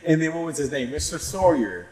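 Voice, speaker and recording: A man in his thirties from Tennessee, telling a story on a casual podcast, animated and swearing freely as he acts out quotes. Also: on the high side, fairly quick. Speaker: podcast co-host. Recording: echoey room.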